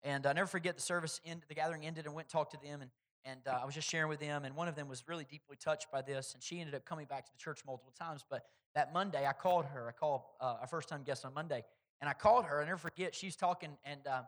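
A man preaching a sermon as pastor, swinging between loud, stressed points and quiet, hushed storytelling. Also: on the high side, quick pace.

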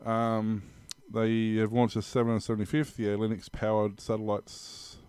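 A man's voice: fairly low pitch, monotone, moderate pace, darkish tone, clean tone, dry recording. A man co-hosting a casual tech news podcast, talking in a rambling, hesitant way with lots of fillers. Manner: rambling, hesitant, laughs often. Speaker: podcast co-host.

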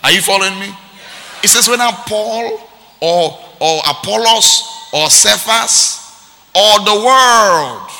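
Gravelly high-pitched shouting preacher man. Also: animated, slow pace, long reverb tail. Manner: shouted call-and-response preaching, sing-song. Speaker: pastor. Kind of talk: sermon.

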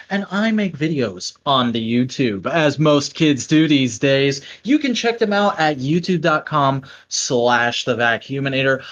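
A man's voice: medium pitch, measured pace. A man hosting a casual podcast, wrapping up with playful, showy plugs. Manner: playful hype-man plugging, lively. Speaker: podcast host. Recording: dull lo-fi sound.

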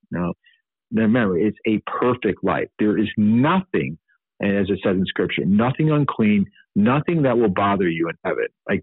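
A man hosting a Catholic teaching podcast offers unscripted commentary, speaking earnestly and off the cuff with many fillers and restarts. His voice sits on the low side and sounds husky. The recording is dry, with a phone-like quality.

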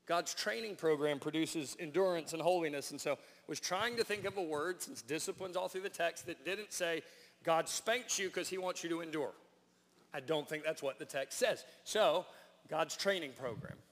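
Pastor, man, high voice; emphatic sermon delivery in a reverberant church. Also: normal speed. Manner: prayerful and hushed in prayer, then animated and emphatic when preaching. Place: church sanctuary.

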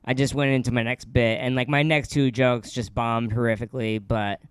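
A young adult man, a stand-up comedian, telling a story in casual chat with lots of fillers and quick laughs. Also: medium pitch, steady tone, smooth, dry recording.

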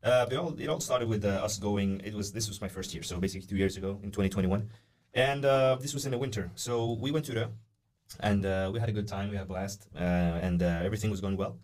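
A man's voice: fairly low pitch, fast talker. A young man telling a long story in a casual podcast chat, acting out the voices of people in it, with lots of "uh" and "like" fillers. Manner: animated, acts out the voices of people in his story; many "uh" and "like" fillers. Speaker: podcast guest.

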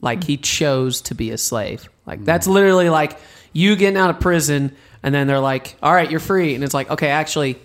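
A man's voice: a little high, a little fast. A man co-hosting a podcast in casual chat, self-deprecating and reluctant to perform. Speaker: podcast co-host.

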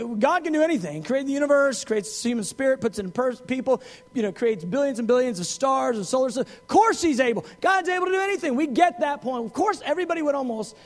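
A man preaching a sermon in an animated, conversational way, with frequent asides and acted quotes. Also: very high-pitched.

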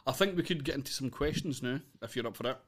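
A man hosting a podcast in casual chat, relaxed, laughing along and guiding the talk. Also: mid-range voice, brisk. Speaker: podcast host.

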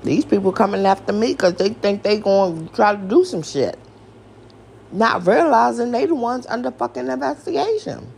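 Animated, profane woman ranting with gravelly edges. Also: on the high side, normal speed, slight background noise. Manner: animated, profane, exasperated, rhetorical questions. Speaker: podcast host. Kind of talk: casual rant.

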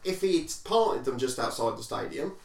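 Brief: male co-host, mid pitch, calm reasoning tone, set back from the mic in an echoey room. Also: creaky, recorded from a distance. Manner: measured, reasoned points. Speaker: podcast co-host. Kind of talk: casual football chat.

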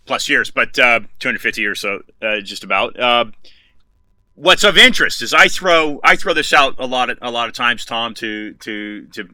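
A man interviewing a guest, halting, with many fillers and restarts. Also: mid-range voice, animated, bright, forceful tone, no room sound, rough recording. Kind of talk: casual interview.

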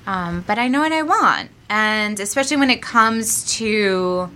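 A woman's voice: mid-range voice, lively intonation, a little slow, bright, forceful tone, slight background noise. A woman who runs an aerial yoga studio, chatting upbeat as a podcast guest and laughing often. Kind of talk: casual podcast interview.

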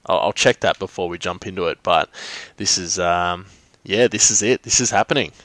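Male podcast host, low voice, dry close sound, loose rambling chat. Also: moderate pace, a bit bright, dry recording. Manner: rambling, many fillers and restarts. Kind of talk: casual chat.

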